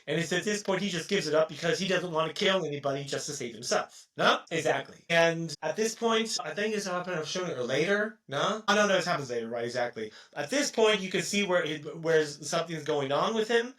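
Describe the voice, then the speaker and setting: A man with a rather high, bright and forceful voice chats casually as a podcast co-host. He rambles through a film plot, swears freely and keeps ending phrases with a questioning "no?". His voice sounds a bit distant from the microphone. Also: lively intonation, fairly quick, few pauses. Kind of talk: casual chat retelling a film. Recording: voice distant from the mic.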